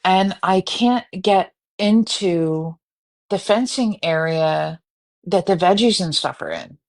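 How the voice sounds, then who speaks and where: A woman telling a story casually on a live stream, animated and profane. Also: lowish voice, slow. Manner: animated, profane, breaks into screaming reenactments.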